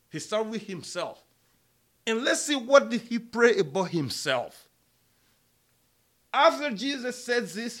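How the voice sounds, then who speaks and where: Slow, high-voiced male preacher. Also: fairly bright tone. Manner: slow, deliberate preaching with repeated emphasis; addresses listeners directly as brother and sister. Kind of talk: sermon.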